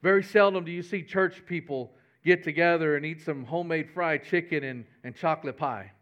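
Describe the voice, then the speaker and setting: Man, pastor, folksy sermon, high voice, lo-fi sound. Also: a little fast, a bit bright. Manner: folksy, conversational preaching with humor.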